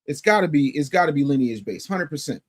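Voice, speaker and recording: A man hosting a casual livestream, reading viewer chat and commenting, emphatic and repetitive, swinging from loud outbursts to low mutters. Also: animated, fast talker. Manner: emphatic, repeats phrases for effect. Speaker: livestream host.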